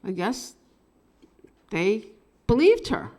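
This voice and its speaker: Slow, dramatic woman storyteller. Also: mid-range voice, big pitch swings. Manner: emotional, swings between hushed and loud. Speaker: open mic storyteller.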